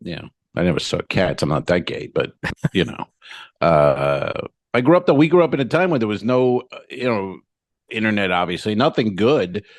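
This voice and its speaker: Middle-aged guy on a comedy podcast, kinda low voice, swears a lot, plays out the whole conversation himself, dry close mic. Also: sing-song, normal speed, no echo. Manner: profane, storytelling, acts out both sides of dialogue. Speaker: podcast co-host. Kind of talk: casual comedic chat.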